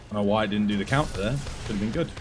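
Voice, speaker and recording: Hoarse man, chatty gameplay commentary. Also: fairly low pitch, very fast, music in the background. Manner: chatty, self-deprecating and apologetic. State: hoarse, losing his voice. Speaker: gaming streamer coaching players.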